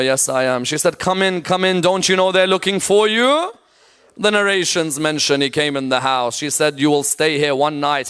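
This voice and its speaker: High-voiced male preacher, smooth tone. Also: fairly bright tone. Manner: storytelling, rising to a chant-like lament. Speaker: Islamic lecturer. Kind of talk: sermon with tragic narration.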